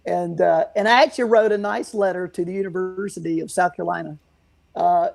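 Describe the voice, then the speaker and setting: Guitar shop guy telling a long story, lots of ums, gravelly voice. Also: sits high, steady tone, a little fast. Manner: rambling, many fillers and restarts. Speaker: interview guest, guitar shop owner. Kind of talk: casual storytelling interview.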